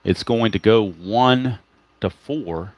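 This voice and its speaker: Man hosting a tabletop baseball replay, lowish voice, chatty dice-roll commentary, dry close sound. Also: slow, no echo. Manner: chatty, explains each dice roll, greets viewers by name. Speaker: tabletop baseball game host. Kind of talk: casual play-by-play of a dice baseball game.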